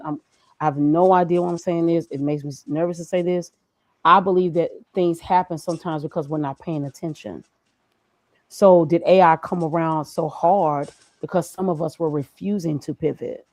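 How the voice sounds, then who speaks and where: A woman's voice: low-pitched, darkish tone, dry recording. Woman giving emphatic, preachy advice. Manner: emphatic, preachy, talks through her own feelings. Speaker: guest, graphic designer. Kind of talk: casual motivational conversation.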